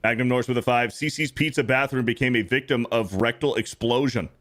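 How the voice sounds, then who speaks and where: Male stream host, jokey, plain mid pitch, reads viewer donations in casual chat. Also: fairly quick, a bit bright. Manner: reads donation messages aloud, joking. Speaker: livestream host reading donations.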